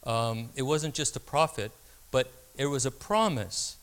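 A man's voice: medium pitch, unhurried, smooth. A man preaching a sermon, reading scripture expressively and telling a personal story. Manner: expressive, dramatizing quoted voices.

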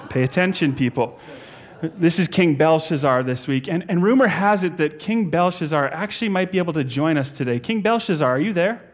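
A man's voice: on the high side, brisk. A man preaching a sermon as a pastor, upbeat and playful, laughing easily as he leads the talk.

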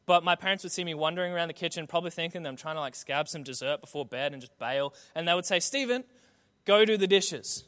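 A young man preaches with animated, self-mocking storytelling. His voice sits high and sounds bright and forceful. Long reverb from a large hall trails his words. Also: racing, few pauses. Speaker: pastor. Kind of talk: sermon.

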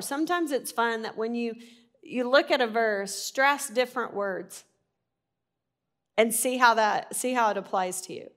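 A woman reading a Bible passage aloud and then explaining it in a conversational teaching style, stressing key words and now and then clearing her throat. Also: a little high, expressive, unhurried, a bit bright.

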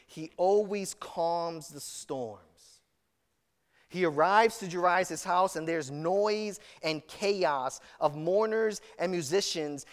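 A man's voice: high-pitched, big-room sound. A man preaching a sermon as pastor, telling stories earnestly with frequent restarts.

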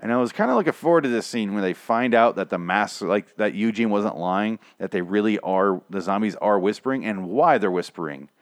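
A man's voice: fairly low pitch, lively intonation, brisk, few pauses, no echo, clean studio sound. A young man hosting a casual solo show, recapping a TV episode in a rambling, profane, griping way with many restarts. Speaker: podcast host recapping a TV episode.

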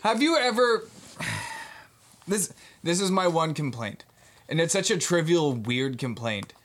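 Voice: mid-range voice, lively intonation, slow, a bit bright. A podcast co-host in casual comedic chat, wry and laughing at their own jokes.

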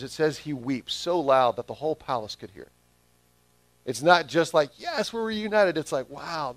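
A man's voice: on the high side, no room sound. A man preaching a sermon, stressing his key phrases by repeating them back to the congregation. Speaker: pastor.

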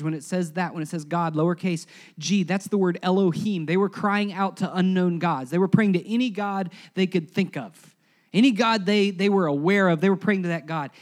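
Pastor, mid-pitched, talks like a conversation, builds to emphatic punches, sometimes drops near a whisper. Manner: emphatic, conversational, rhetorical questions and humorous asides. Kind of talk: sermon.

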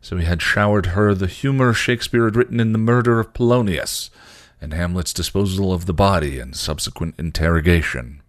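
A man, a podcast host, reading a story aloud in a lively narrating voice. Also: deep voice, brisk, no room sound, studio quality. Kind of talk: reading fan fiction aloud.

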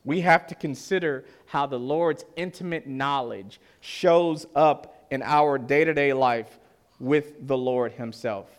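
A man preaching a sermon to his church, earnest and slowing down to stress key lines. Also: medium pitch.

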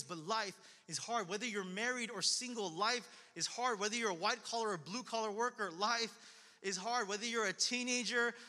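High, bright-voiced man preaching casually. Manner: casual, earnest preaching with repeated phrases and fillers. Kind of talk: sermon. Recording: long hall reverb.

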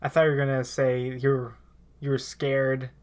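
A man's voice: mid-range voice, little pitch movement, unhurried. A laid-back young man with a Bakersfield accent, telling a story on a casual podcast. He chuckles between his phrases. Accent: Bakersfield, California. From Bakersfield, California. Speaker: podcast co-host.

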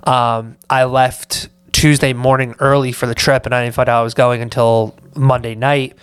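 Man, podcast host, exhausted, rambling, filler-heavy, dry close sound, mid pitch. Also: level tone, moderate pace, fairly bright tone, smooth, no echo. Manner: rambling, many "like" and "right?" fillers. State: tired, mentally drained. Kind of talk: casual solo podcast monologue.

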